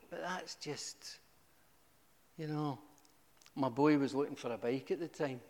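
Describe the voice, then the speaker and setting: A middle-aged man giving a humorous, animated testimony to a church, with sudden high exclamations. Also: unhurried, long pauses. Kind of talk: storytelling testimony. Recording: echoey hall.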